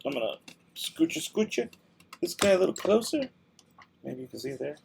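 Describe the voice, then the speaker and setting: A man's voice: on the high side, sing-song, a little fast, vocal fry, darkish tone, a little hiss or hum. A young man hosting a casual livestream, reading viewer comments aloud while he works, laid-back but a little tired and worn-voiced. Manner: laid-back, easily exasperated, mumbles while working. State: tired, losing his voice. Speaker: livestream host.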